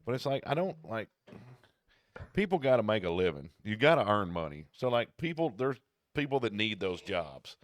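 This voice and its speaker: Male podcast co-host, low voice, chatty storyteller, dry close recording. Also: very animated, normal speed, dry recording. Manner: rambling storyteller, acts out callers' voices. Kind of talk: casual chat.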